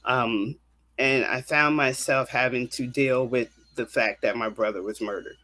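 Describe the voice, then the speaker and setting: A woman's voice: extremely low pitch, fairly even intonation, a little slow, fairly bright tone. A woman counselor telling a personal faith testimony in an earnest, vivid storytelling manner. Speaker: counselor and guest.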